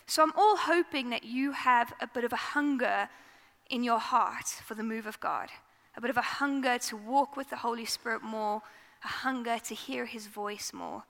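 A woman's voice: a little high, gravelly, sharp tone, in a large hall. A woman giving a conversational, earnest sermon in a church. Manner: earnest, conversational preaching with fillers. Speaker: preacher.

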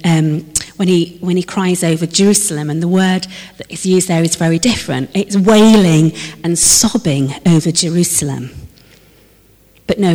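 A woman preaching a sermon in a church, her voice trailing off into a long hall reverb. She speaks slowly and sits on the low side of the usual range for her sex. She moves between bursts of lively emphasis and quiet, drawn-out reflection. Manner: expressive, moving between lively emphasis and hushed, slowed reflection.

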